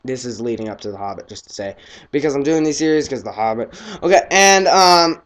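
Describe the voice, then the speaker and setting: A teenage boy casually reviewing a film, excitable and rambling, his voice often trailing off quietly. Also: medium pitch, fairly quick.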